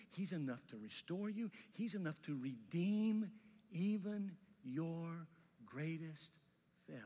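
A male pastor preaching a sermon with passion, rising loud and dropping soft. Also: a little high, long reverb tail.

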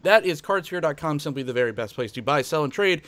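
A man hosting a casual card-game show, joking and halting with fillers and restarts. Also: fairly high pitch, expressive, fairly bright tone, dry recording. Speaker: podcast host.

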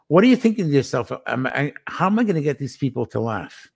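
A man's voice: mid-range voice, sing-song, quick pace, creaky, breathy edge. A man hosting a casual interview, asking questions and finishing his guest's sentences. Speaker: interview host.

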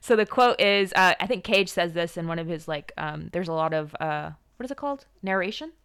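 A young woman co-hosting a podcast, reviewing a film in a chatty, halting way with frequent laughs. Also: lowish voice, expressive, a bit bright, clear, resonant tone, no room sound, clean studio sound. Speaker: podcast co-host. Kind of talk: casual film review chat.

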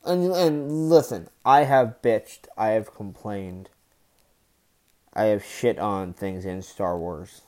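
A man hosting his own podcast in a solo rant, his voice sitting low and his words dragging out slowly. He sounds fed up, with heavy sighs, swearing and stop-start phrasing between sudden louder bursts. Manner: low, deliberately slow annoyed voice with sighs and profanity; halting restarts between outbursts. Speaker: podcast host.

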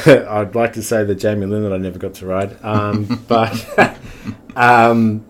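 A relaxed man with a fairly low voice, telling rambling stories in loose, casual chat. He swears freely and chuckles as he talks. Faint background noise sits under the recording. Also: slow. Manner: laid-back, swears often, laughs through stories. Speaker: podcast guest.

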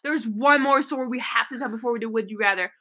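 A woman's voice: a little high, fast, sharp tone. A teenage girl co-hosting a podcast, telling stories in a giggly, teasing way. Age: teens. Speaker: podcast co-host. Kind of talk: casual chat.

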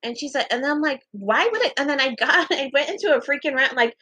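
A young woman with a fairly high voice tells a story to her viewers in a loose, chatty way. She laughs often, swears casually and leaps up in pitch to act out what others said. The sound is dry and close. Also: lively intonation, quick pace, sharp tone, dry recording, poor audio.

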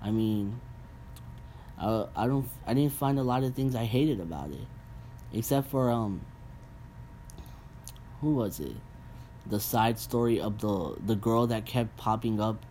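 A young man hosting a casual podcast, ranting bluntly and profanely with animated asides. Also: fairly low pitch, slight background noise. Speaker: podcast host. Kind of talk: casual rant.

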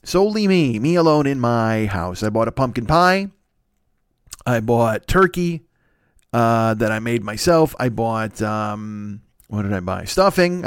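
A man's voice: medium pitch, dry recording, clean studio sound. A man in his forties hosting a solo podcast, rambling through profane, self-mocking comic riffs. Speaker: podcast host. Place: at home.

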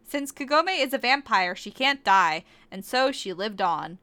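Brief: woman host, bright and fairly high voice, mock-serious comic reader. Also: animated, measured pace. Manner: mock-serious, giggly asides. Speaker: podcast host. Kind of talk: comic dramatic reading.

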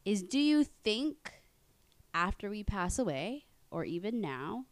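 A woman's voice: medium pitch, slow pace, dry recording. A woman in casual podcast chat, telling stories and acting out the people she quotes. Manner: storytelling, animated when quoting.

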